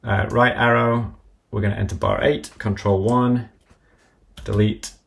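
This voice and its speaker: A man with a low, gravelly voice gives a live-streamed software tutorial. He works at his computer and talks methodically through each step as he goes. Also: steady tone, a little slow, slight background noise. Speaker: app developer demonstrating software.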